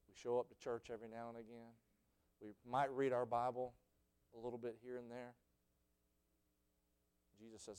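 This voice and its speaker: A male preacher, giving a sermon full of stories. His voice drops low and then bursts out in shouts. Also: level tone, normal speed, long pauses, clear, resonant tone. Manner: storytelling, swings from hushed to shouting.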